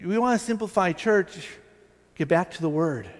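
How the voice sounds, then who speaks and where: A man's voice: high-pitched, expressive, moderate pace. Man, pastor, sermon, chatty, self-deprecating, restarts, long reverb. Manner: conversational, self-deprecating, many restarts and asides. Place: church sanctuary.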